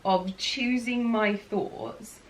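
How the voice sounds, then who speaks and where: A woman guest and former client, speaking earnestly and reflectively with halting restarts. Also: mid-range voice, steady tone. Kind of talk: conversational interview. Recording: roomy sound, distant from mic.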